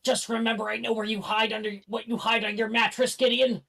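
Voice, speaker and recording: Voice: mid-range voice, level tone, a little fast, vocal fry, bright, forceful tone, voice pushed up. A game master voicing a small, snarky young man whose voice is muffled under a big plant. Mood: sarcastic. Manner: sarcastic, muffled.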